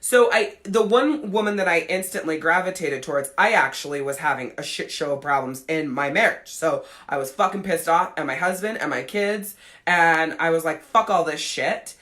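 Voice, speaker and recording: The speaker, a woman in her thirties who hosts a podcast and works as a life coach, has a low voice with a fairly bright tone and talks at normal speed. She recounts a personal story casually, bluntly, frankly, and with profanity.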